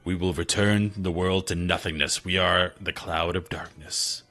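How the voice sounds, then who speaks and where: Guy doing a deep slow doom-cloud villain from a retro game, dark and forceful. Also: fairly even intonation, soft background music, full character voice. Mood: ominous. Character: vast menacing entity of darkness, ominous.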